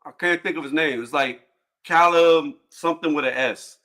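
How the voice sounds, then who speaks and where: Loud, joking man hosting a boxing stream. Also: fairly high pitch, moderate pace. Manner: loud, joking, profane trash talk. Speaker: livestream panel host. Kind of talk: casual boxing talk while eating.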